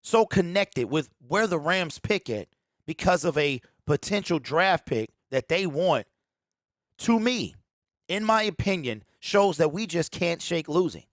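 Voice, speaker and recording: A man's voice: on the high side, lively intonation, unhurried, dry recording, studio quality. A man hosting a fan sports talk show, ranting emphatically, repeating his points and addressing listeners directly.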